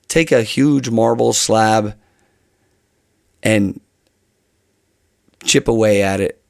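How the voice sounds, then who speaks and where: A man's voice: fairly low pitch, creaky, dry recording, studio quality. A man talking casually to camera about his channel plans, rambling and often restarting his phrases. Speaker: channel host.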